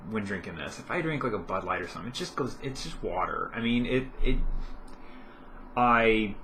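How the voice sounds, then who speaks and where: A man's voice: fairly low pitch, lively intonation, moderate pace, fairly bright tone, a little hiss or hum. A young man vlogging at home in casual chat, rambling with lots of fillers and self-corrections.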